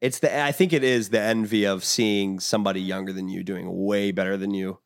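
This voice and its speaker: A man's voice: fairly low pitch, steady tone, fairly quick, no echo, studio quality. A man co-hosting a casual podcast chat, joking around and laughing often. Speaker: podcast co-host.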